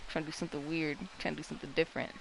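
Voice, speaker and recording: A vlogger telling a story in a casual, rambling and dramatic way, mocking themselves and breaking into sudden high-pitched shrieks. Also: flat delivery, rapid-fire, creaky, a little hiss or hum, rough recording.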